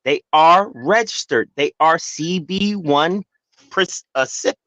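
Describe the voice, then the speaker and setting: A speaker on a casual panel, calmly stepping in to clarify. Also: mid-range voice, takes it slowly, dry recording, lo-fi sound. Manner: clarifying, calm and corrective.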